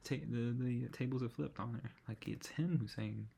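A man's voice: medium pitch, steady tone, moderate pace, creaky, noisy background. A man hosting a podcast, talking through a film review in an enthusiastic, rambling way and often correcting himself. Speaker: podcast host. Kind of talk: casual film review chat.

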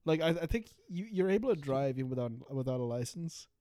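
A man's voice: medium pitch, expressive, quick pace, dark tone, no room sound, studio quality. A young man co-hosting a podcast, chatting in a rambling, joking way and swearing freely. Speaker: podcast co-host. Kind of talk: casual chat.

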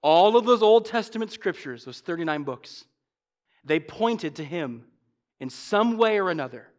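A man preaching a sermon as pastor, emphatic, swinging from loud stresses to low asides and slowing sharply on repeated refrains. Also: animated.

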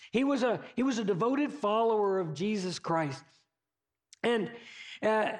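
A man preaching a sermon, retelling a story in a conversational way with casual asides to the listeners. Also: sits high.

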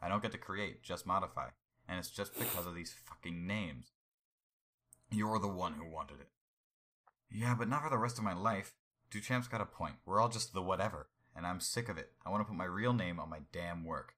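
A man's voice: low-pitched, fairly quick, fairly bright tone. A man reading aloud as a weary male collage artist who grumbles and sounds resigned. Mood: fed up.

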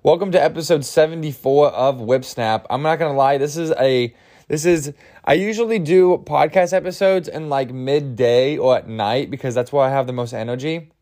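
A man's voice: mid-range voice, moderate pace, darkish tone. A man hosting a solo comedy podcast, rambling and crude with self-mocking humor, groggy from an early start. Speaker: podcast host.

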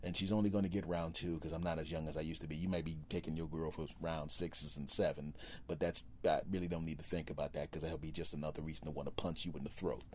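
A man's voice: rumbling low, fairly even intonation, fast talker, a little mellow, a little hiss or hum. A man hosting his own podcast, delivering a comedic solo rant, mock-tough and self-deprecating with sarcastic asides. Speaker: podcast host.

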